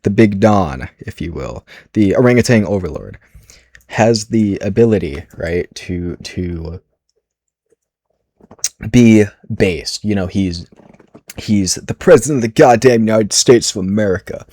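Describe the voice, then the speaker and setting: A man riffs through a deadpan, ironic comedy monologue, rambling and stacking fillers and restarts. His voice sits a little low, and he keeps an unhurried, offhand delivery. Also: no echo. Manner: rambling, deadpan, heavy internet slang, many fillers. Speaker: comedy video creator.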